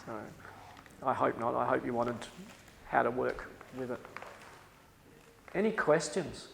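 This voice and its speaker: A man's voice: mid-range voice, a little slow, creaky, a bit bright, in a large hall, slight background noise, low-quality recording. A man with an Australian accent giving a workshop lecture to staff, emphatic and repeating his key advice.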